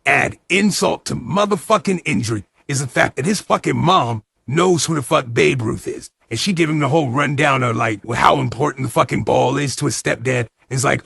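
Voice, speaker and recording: A man's voice: medium pitch, a little fast, gravelly, few pauses, fairly bright tone, slightly rough, dry recording, studio quality. A man doing a profane, slangy comedy recap of a movie, with mock-outraged asides.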